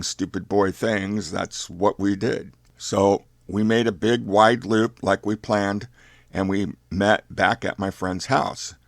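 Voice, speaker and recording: An older man telling a youth story in a folksy, unhurried fireside manner. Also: low-pitched, vocal fry, no echo, clean studio sound.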